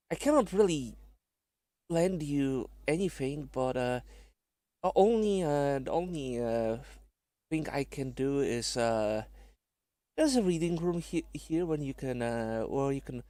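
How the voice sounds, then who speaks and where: Man doing a small mouse girl clerk, soft and squeaky, raised pitch, polite. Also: expressive, slow, pauses often, no echo.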